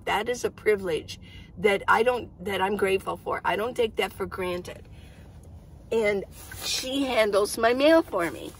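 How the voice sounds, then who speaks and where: A woman's voice: mid-range voice, slight background noise, poor audio. A middle-aged woman hosting a casual, rambling coffee-chat vlog from her minivan. She laughs often as she talks. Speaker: vlogger. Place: inside a minivan.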